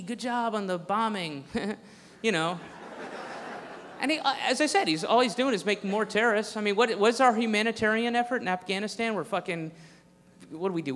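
A high-voiced, bright male comedian rants on stage, profane and sarcastic. The sound carries a long hall echo, with a faint crowd underneath. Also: slight background noise. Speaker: stand-up comedian. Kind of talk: stand-up set.

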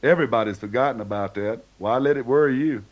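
A man's voice: medium pitch, fast talker, muffled recording, close to an everyday voice. A man voicing an easygoing, teasing friend who coaxes with a chuckle. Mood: coaxing. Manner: chuckling, coaxing.

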